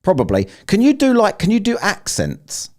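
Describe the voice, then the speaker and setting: A man's voice: high voice, huge pitch swings, normal speed, a little mellow. A man hosting a live stream, rambling, teasing and swearing freely in casual chat.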